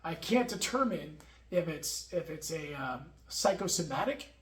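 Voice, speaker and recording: A man talking earnestly to camera in a personal video diary, halting and emotional, with many restarts. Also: sits high. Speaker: firefighter sharing his health experience. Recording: echoey room.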